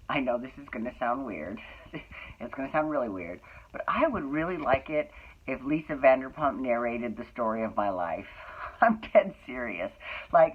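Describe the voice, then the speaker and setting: Chatty podcast host on a tinny line. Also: medium pitch. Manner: chatty, rambling, with frequent restarts and laughs; campy slang. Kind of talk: casual gossipy recap chat. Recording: tinny phone-like sound.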